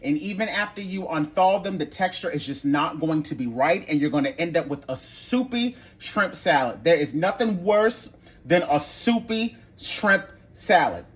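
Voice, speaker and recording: A man hosting a home cooking video, talking in a sassy, blunt and animated way with playful exclamations. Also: a little high, moderate pace. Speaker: home cooking channel host. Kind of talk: casual cooking tutorial.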